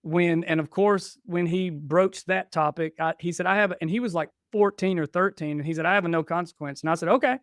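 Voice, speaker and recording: A man in his forties tells family stories on a podcast, slipping into the voices of the people he quotes. His voice sits a little high and sounds smooth. The recording is dry and close. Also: brisk, few pauses, dry recording. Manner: animated, acts out dialogue in stories. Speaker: podcast guest. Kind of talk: casual storytelling chat.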